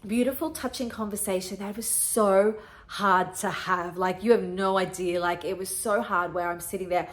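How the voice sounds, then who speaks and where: A woman's voice: medium pitch, steady tone, moderate pace, fairly bright tone. Earnest woman telling a heartfelt story. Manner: emotional, earnest, repeats herself often. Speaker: podcast host.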